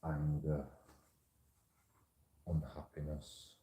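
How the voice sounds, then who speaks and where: A man talks on in a loose, rambling monologue, looping back over his phrases and swearing as he goes. His voice sits very low and has a dark, mellow tone. The sound carries an echoey, roomy ring. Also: little pitch movement, very slow. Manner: repetitive, restarts phrases, swears freely. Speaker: channel host.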